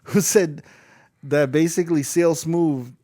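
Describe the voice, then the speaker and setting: A man's voice: a little high, steady tone, measured pace, warm tone. A man co-hosting a podcast in casual chat, joking, swearing and acting out other people's voices. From United States. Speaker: podcast co-host, DJ.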